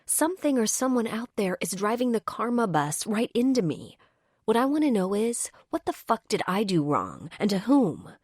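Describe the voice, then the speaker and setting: A woman's voice: fairly high pitch, very animated, moderate pace, darkish tone, slightly rough, no room sound, studio quality. A woman narrating a first-person romance audiobook in a wry, exasperated manner.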